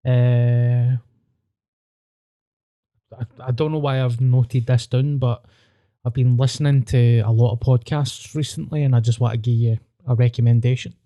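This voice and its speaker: A Scottish man with a Glaswegian accent hosts a casual podcast chat, candid and loose with the swearing. His voice sits at an average pitch with a dark, mellow tone. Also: fairly even intonation, unhurried. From Scotland. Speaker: podcast host.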